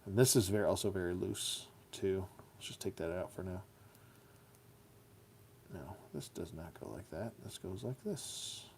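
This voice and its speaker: A man's voice: deep voice, a little slow, vocal fry, pauses often, darkish tone, slight background noise. A man casually reviewing action figures as he builds them, chatty and goofy, slipping into silly rhymes.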